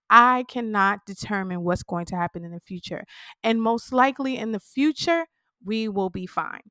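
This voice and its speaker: A woman's voice: medium pitch, lively intonation, moderate pace, sharp tone, no echo. A woman hosting a podcast, talking candidly and emotionally to her listeners, shaken and close to tears. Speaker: podcast host. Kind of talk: personal podcast talk.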